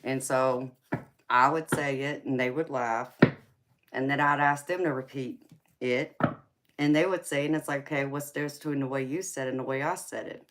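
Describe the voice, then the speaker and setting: A woman's voice: very deep voice, fairly even intonation, normal speed, fairly bright tone, slight background noise. A woman with a Southern drawl hosting a live tarot stream, chatting casually and teasing viewers. She is from California. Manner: chatty and teasing, laughs often, calls viewers honey and baby. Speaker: livestream tarot reader host.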